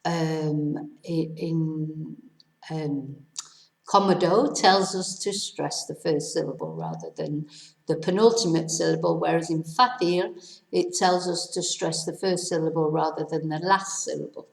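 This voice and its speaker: A woman's voice: low-pitched, steady tone, unhurried, vocal fry, roomy sound, poor audio. A woman teaching a Spanish pronunciation lesson, spelling words out letter by letter and correcting herself as she goes. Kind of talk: language lesson.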